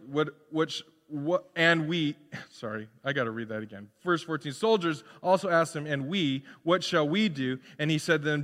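A man preaching a sermon, animated and playful, acting out the crowd and the prophet in quick asides. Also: on the high side, big-room sound. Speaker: pastor.

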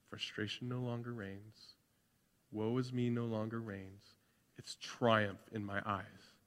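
A male pastor preaching a sermon, moving between loud, excited preaching and quiet, intimate tones. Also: mid-range voice. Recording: long hall reverb.

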